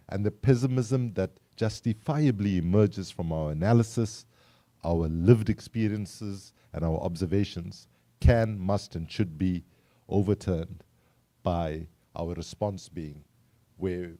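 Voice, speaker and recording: A South African man speaks to a live audience in a lowish, mellow voice. He keeps the tone wry and engaging and stops to quiz the crowd with questions. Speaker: climate activist speaker. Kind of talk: public talk to a live audience.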